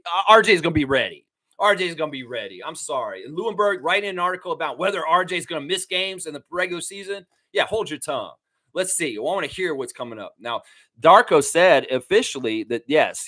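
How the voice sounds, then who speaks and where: Man, from Canada, live-stream sports host, excitable, laughs a lot, bright voice, very animated pitch. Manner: excitable, laughs often, riffs and jokes. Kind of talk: casual live-stream chat reading viewer comments.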